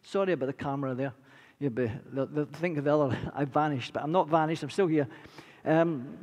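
A man in his sixties preaching a sermon, earnest and repetitive, rising from quiet to impassioned. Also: fairly high pitch, a little fast, few pauses. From Britain. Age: 60s. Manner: earnest, building from quiet to impassioned, repeats phrases. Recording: long reverb of a large hall.

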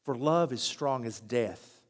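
Speaking slowly in a medium pitch, this male pastor preaches in what sounds like a big room. His storytelling is animated, and he performs the voices of the people he quotes.

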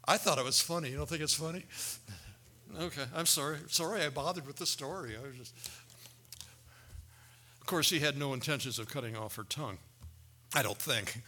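Male pastor, sermon delivery, very bright tone, slightly higher pitch, animated storyteller who acts out quotes. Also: fairly quick, pauses often.

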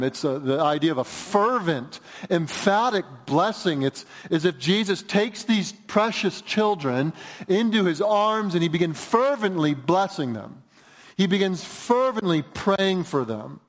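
A male pastor preaching an earnest, emphatic sermon in a church, moving between raised and hushed delivery. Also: fairly high pitch, lively intonation, unhurried. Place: church sanctuary. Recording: reverberant church hall.

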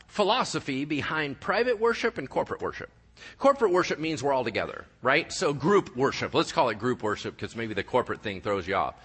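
A male pastor preaching a sermon in a church, animated and joking with his congregation. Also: fairly high pitch. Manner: animated, jokey, talks to the congregation. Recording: live church hall with long reverb.

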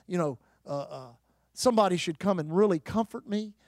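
A man preaching a sermon, emphatic, with rhetorical questions, repeated phrases and occasional shouted bursts. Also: sits high, lively intonation, a little fast, no echo, studio quality. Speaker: pastor.

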